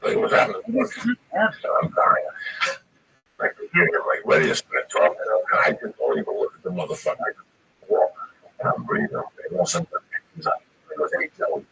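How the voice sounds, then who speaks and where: A man tells a rambling, profane story in a high, bright voice that swings wildly up and down. His delivery is animated and full of swearing. The mic sits at a distance and faint noise hangs behind him. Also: fast talker, vocal fry. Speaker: stand-up comedian.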